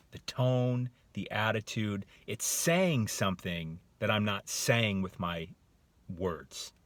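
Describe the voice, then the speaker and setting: A middle-aged motivational speaker delivers a casual monologue, acting out different tones of voice to make his points. His voice is lowish and a bit bright, with no room sound.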